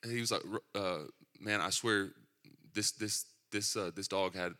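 A man's voice: on the low side, fairly even intonation, measured pace, pushed and bright. A middle-aged man preaching a sermon in a church, conversational and joking between points, with asides about his kids. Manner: conversational, self-deprecating asides. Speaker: pastor.

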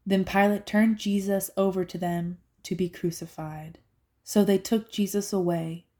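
A woman reading scripture aloud in a medium-pitched voice. Her delivery is steady and clear. She keeps an even, narrating pace. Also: a little slow. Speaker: scripture reader.

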